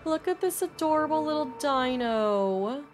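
Young woman streamer for a game playthrough, slow, stressed, swearing, lively pitch, faint game music. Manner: stressed, swears often, laughs, reads game text aloud. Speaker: streamer playing a video game. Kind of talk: casual gameplay commentary.

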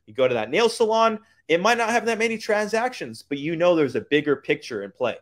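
A man giving a hyped motivational business pitch, using street slang and repeating lines for emphasis. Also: sing-song, brisk. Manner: hyped, keeps calling out to "guys". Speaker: business coach.

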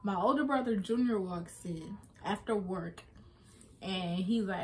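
A woman's voice: mid-range voice, normal speed, a little mellow. A young woman vlogger, emotionally retelling a personal story with lots of fillers.

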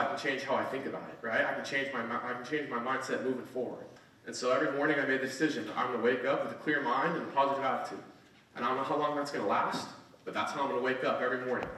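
A man's voice: mid-range voice, fairly bright tone. Young man telling his story in an echoey hall. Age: 20s. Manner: earnest storytelling, frequent "right?". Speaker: motivational speaker. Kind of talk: motivational speech. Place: conference hall. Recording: echoey hall, mic at a distance.

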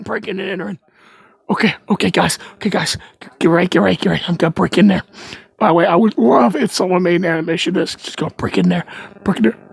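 A man's voice: very high voice, vocal fry, pushed and bright, breathy edge, dry recording. A young man giving goofy, rambling gameplay commentary, stammering and repeating himself, recorded on a phone mic. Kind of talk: playful let's-play commentary. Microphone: phone mic from screen recording.

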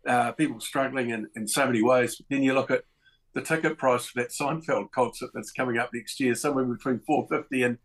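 A man, a politician on a panel, speaking in a measured way with many hesitations. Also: mid-range voice, steady tone, rough recording.

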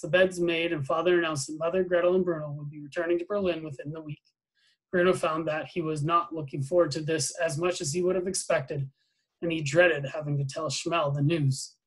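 A man reading a novel aloud to his students in a plain, even voice, with small slips and self-corrections. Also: a little high, low-quality recording.

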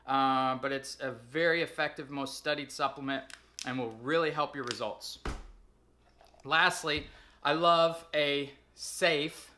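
A fitness trainer speaking in a casual vlog, upbeat and chatty, running through products and numbers with frequent ums. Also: male voice, a little high, pushed and bright.

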